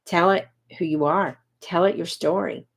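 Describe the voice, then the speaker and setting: This is a woman in her fifties coaching an online audience during a livestream. Her voice sits slightly low, and she talks in a chatty, direct way. She often stops to answer viewers by name. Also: fairly even intonation, normal speed, breathy edge. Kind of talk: casual livestream pitch.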